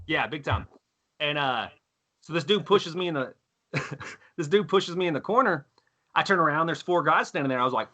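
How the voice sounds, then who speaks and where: A man's voice: fairly high pitch, a little fast, pushed and bright. A man in his thirties with a Texan accent, telling profane stories in casual chat, laughing often. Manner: profane, laughing, acts out quoted voices. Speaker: podcast guest.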